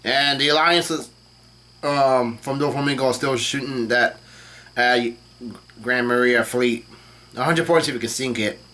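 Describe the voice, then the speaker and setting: A man casually reading a comic chapter aloud and commenting on it, with the dialogue in a flat voice and frequent fillers and self-corrections. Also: mid-range voice, a little slow, long pauses. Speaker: channel host reacting to a comic chapter.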